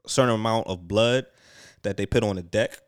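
A man's voice: fairly low pitch, fairly quick, clean tone. A young man co-hosting a casual talk show, telling stories with bursts of laughter and slang-filled banter. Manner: animated storytelling with bursts of laughter. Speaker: podcast co-host.

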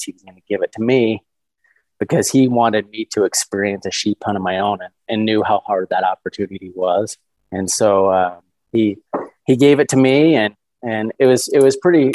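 A man in his thirties telling a story as a podcast guest, eager and animated. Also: fairly low pitch, dry recording, rough recording. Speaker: guest hunter.

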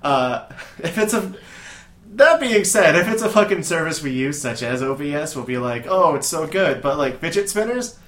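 A man's voice: a little high, big pitch swings, normal speed. Profane rambling man, echoey room. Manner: rambling, profane, bursts into shouted bits. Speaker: podcast co-host. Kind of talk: casual comedic chat.

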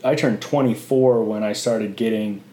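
A man's voice: on the low side, steady tone, moderate pace, mellow. A man in his late twenties co-hosting a podcast, joking and rambling in casual chat. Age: 20s. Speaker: podcast co-host. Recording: echoey room.

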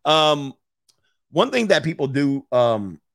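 A man's voice: on the high side, sing-song, slow, fairly bright tone, no echo, clean studio sound. A male host giving blunt, opinionated casual reaction commentary, laughing often as he talks.

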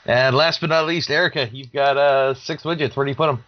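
A man's voice: mid-range voice, steady tone, a little fast, no room sound, muffled recording. A man co-hosting a casual group podcast with wry, dry humor. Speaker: podcast co-host.

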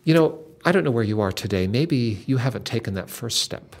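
A man's voice: medium pitch, expressive, a little fast. An older man hosting a Christian talk, earnestly retelling a story with dramatic emphasis. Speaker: Christian podcast host.

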